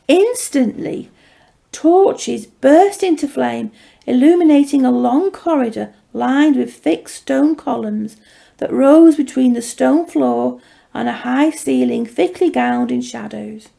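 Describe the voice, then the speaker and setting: A woman author reading her own fantasy story aloud in a measured, steady way. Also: on the high side, gravelly. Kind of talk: storybook narration.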